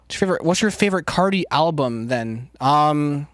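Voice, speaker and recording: A man's voice: fairly high pitch, animated, brisk, dry recording, studio quality. A man streaming casually and rambling to his chat, loose and profane, with lots of filler words. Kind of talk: casual chat, answering live chat.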